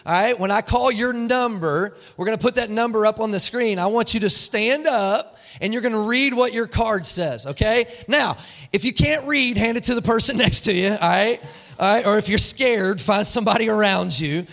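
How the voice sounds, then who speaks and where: A man's voice: high-pitched, moderate pace, a bit bright. A man serving as lead pastor, preaching a live church sermon in an upbeat way and asking the congregation questions. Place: church sanctuary.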